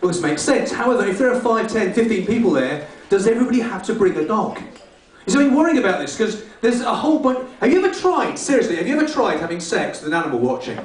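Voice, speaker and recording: Stand-up comic, high-pitched, rude and rambling, live from a very echoey club, mic distant. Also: male voice, very animated, fast. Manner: rambling, rude, self-mocking. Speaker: stand-up comedian. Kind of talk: stand-up comedy set. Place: comedy club stage. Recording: echoey club room from far off.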